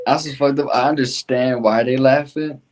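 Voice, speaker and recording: Man, podcast host, casual chat, laid-back, slangy, swearing, mid pitch. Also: steady tone, normal speed, a crowd in the background.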